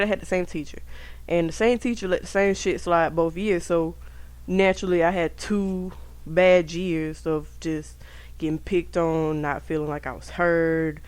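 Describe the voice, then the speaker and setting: A young woman hosting a podcast, telling stories from her school years in a casual, profane, animated way, talking straight to her listeners. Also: lowish voice, smooth, dry recording. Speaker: podcast host. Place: indoors at home.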